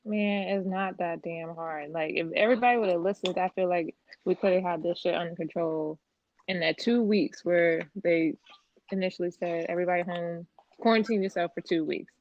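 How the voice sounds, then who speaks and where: A woman's voice: on the low side, steady tone, moderate pace, no room sound. A woman co-hosting a casual podcast chat, blunt and exasperated, swearing freely. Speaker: podcast co-host. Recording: slightly dull lo-fi sound.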